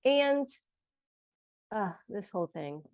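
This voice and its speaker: A woman's voice: medium pitch, very animated, takes it slowly, a little mellow, dry recording, highs cut off. A woman co-hosting a podcast, easygoing and supportive, starting to tell a story in casual chat. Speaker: podcast co-host.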